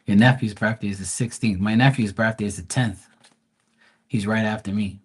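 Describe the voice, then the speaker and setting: A man's voice: on the low side, fairly even intonation, normal speed, a little mellow, breathy edge, low-quality recording. A man with a Bermudian accent, rambling and chatty as he talks casually with viewers on a live tarot stream, swearing now and then.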